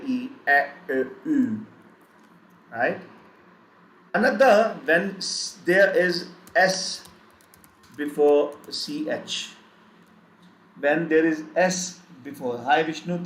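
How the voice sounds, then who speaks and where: Slow, echoey male language teacher. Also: on the high side. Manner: slow, repetitive, spells out letters and drills sounds. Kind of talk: live online lesson. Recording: echoey room with faint background noise.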